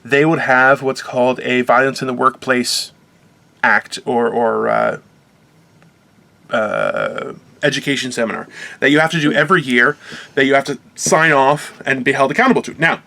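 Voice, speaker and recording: A man co-hosting a casual talk show, ranting in an animated, self-mocking way. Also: medium pitch, moderate pace, creaky. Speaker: co-host. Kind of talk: casual chat.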